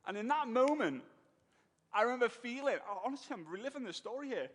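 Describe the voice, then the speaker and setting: An animated man tells his story on stage, with a high voice that jumps all over the place. He gets emotional and acts out the people in the story. The voice rings with the long reverb of a big hall. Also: fast. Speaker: speaker telling his business story on stage.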